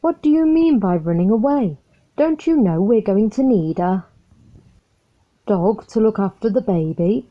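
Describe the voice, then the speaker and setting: A woman's voice: medium pitch, lively intonation, moderate pace, close to an everyday voice. A woman voicing a young husband and dog owner who speaks firmly but kindly in a storybook reading. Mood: scolding. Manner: scolding then welcoming. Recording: muffled lo-fi recording.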